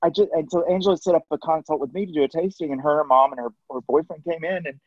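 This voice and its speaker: A man's voice: a little high, fast talker, a little mellow, dry recording, lo-fi sound. A man, a baker and co-host, chatting casually, swearing now and then and talking to the listeners. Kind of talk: casual podcast chat.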